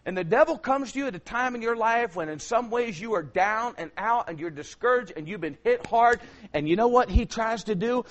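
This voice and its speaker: Man, high voice, sermon, shouts then drops low for stories. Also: fast talker. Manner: swings from shouted preaching to low storytelling. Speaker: pastor.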